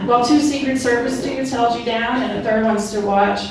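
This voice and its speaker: Heard from far off in an echoey club, this woman's voice sits fairly high with a level tone and measured pace against a noisy backdrop of crowd laughter. She's a stand-up comedian on stage, doing character voices as she tells a loose, profane, slang-heavy story.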